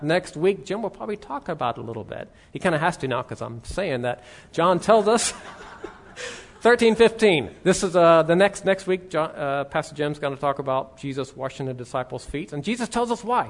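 A man preaching a sermon as a pastor, teaching conversationally and reading scripture aloud. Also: a little high.

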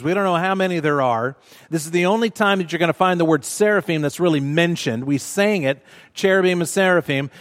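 A man preaching a sermon in a church, measured and emphatic, repeating words for stress. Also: a little high. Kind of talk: sermon teaching. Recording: long reverb of a large hall.

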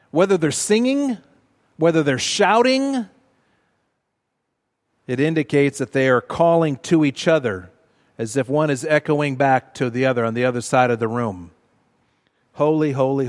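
A man preaching a sermon in a church, measured and emphatic, repeating words for stress. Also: a little high. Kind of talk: sermon teaching. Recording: long reverb of a large hall.

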